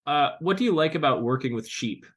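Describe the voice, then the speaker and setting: A man's voice: fairly high pitch, expressive, a little fast, poor audio. Thirty-something male podcast host. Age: 30s. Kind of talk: scripted intro, then casual interview.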